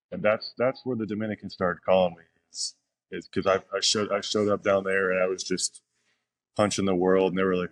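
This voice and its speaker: A young man, a professional pitcher, telling stories casually as a podcast guest, rambling with fillers and restarts. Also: no room sound. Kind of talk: casual interview storytelling.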